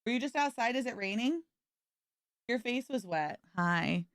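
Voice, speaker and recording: Young woman, bubbly gaming stream chat, smooth clear voice, dry close sound. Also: a little high, animated, moderate pace, fairly bright tone, no room sound. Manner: bubbly, talks to chat and her dog, lots of "like". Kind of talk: casual live-stream chat.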